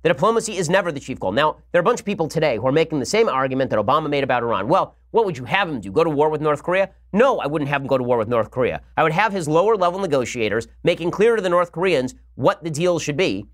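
A man hosting a political podcast, giving rapid, argumentative commentary with emphatic points. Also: on the high side, very animated. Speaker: podcast host.

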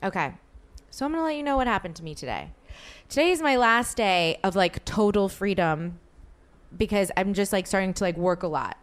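A young woman with a mid-range voice talks fairly quickly, casually telling her co-host a long, rambling story. She's animated, packs in fillers, and acts out quoted back-and-forth.

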